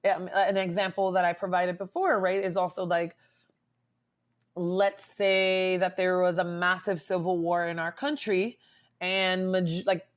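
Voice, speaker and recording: A woman psychologist speaking as a guest in a conversational interview, animated and full of fillers and tag questions. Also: fairly low pitch, unhurried.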